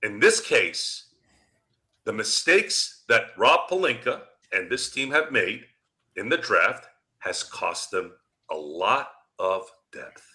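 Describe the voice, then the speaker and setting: Fired-up man ranting on a podcast, bright voice. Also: on the low side, big pitch swings, takes it slowly. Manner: profane and combative, jabbing at critics. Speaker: podcast host. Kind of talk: heated sports podcast rant.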